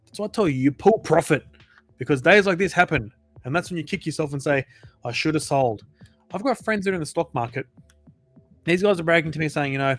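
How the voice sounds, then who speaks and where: A man's voice: a little high, quick pace, faint music behind. A man hosting a crypto channel, giving casual, emphatic advice to his viewers and repeating phrases for emphasis.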